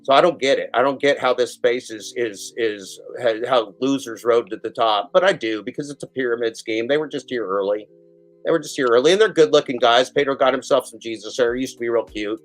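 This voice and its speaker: A man hosting a live show, ranting with heat and frequent swearing. He mocks others in quick put-on voices, with faint music playing behind him. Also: mid-range voice, low-quality recording. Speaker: show host. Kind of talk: heated live-stream commentary.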